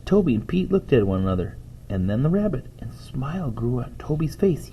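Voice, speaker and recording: A man reading a children's storybook aloud, playful and animated, in a husky voice. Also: mid-range voice, fairly quick, a little hiss or hum. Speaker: reader.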